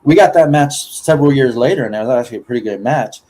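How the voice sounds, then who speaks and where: A man's voice: medium pitch, fast, dark tone. A man hosting a casual podcast chat, rambling and swearing freely, often laughing. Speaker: podcast host.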